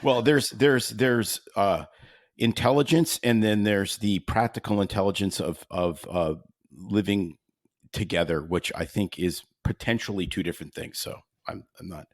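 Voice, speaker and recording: Podcast host guy, very low voice, jokey and rambly, dry close mic. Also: moderate pace, no echo. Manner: joking, chatty, rambling questions. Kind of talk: casual chat interview.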